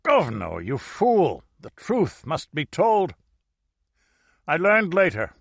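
A man reading aloud and voicing a sharp-tongued, dying 85-year-old Russian grandmother who speaks urgently. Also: mid-range voice, expressive, a little slow, no room sound, studio quality.

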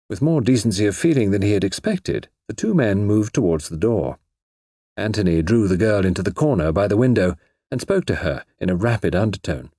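A man reading a story aloud as narrator, in a husky voice with measured, expressive storytelling. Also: fairly low pitch, no echo, clean studio sound.

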